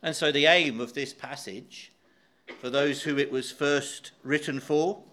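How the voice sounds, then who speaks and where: A man preaching a sermon, walking through a Bible passage in a measured, emphatic way, with frequent hesitations. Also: a little high, steady tone, bright, forceful tone.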